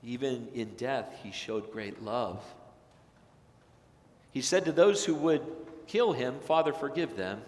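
Man, pastor, sermon, impassioned, loud peaks and hushed drops, roomy church echo. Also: mid-range voice, lively intonation. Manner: impassioned, swings from loud emphatic peaks to hushed slow phrases. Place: church sanctuary.

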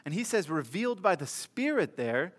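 A man's voice: high voice, sing-song, normal speed. A middle-aged man preaching a sermon, telling a funny story with comic asides to his congregation before reading scripture. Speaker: pastor.

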